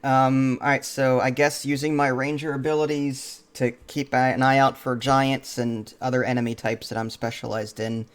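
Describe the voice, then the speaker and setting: A man's voice: mid-range voice, little pitch movement, normal speed, few pauses, clean tone. A man playing a tabletop role-playing game in casual chat, polite and thoughtful, often hesitating with "um" and answering "I see". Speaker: player.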